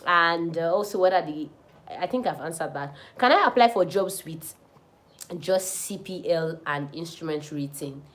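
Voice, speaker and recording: A woman's voice: low-pitched, animated, normal speed. A young woman pilot with a Nigerian accent, answering viewers' questions in a chatty, advising live stream. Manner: chatty, advising, laughs often. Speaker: pilot and channel host.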